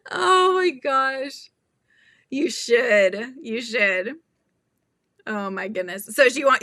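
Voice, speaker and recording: Female livestream host with a bright, crisp, somewhat high voice, giggly and chatty. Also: dry recording. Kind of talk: casual livestream chat while crocheting.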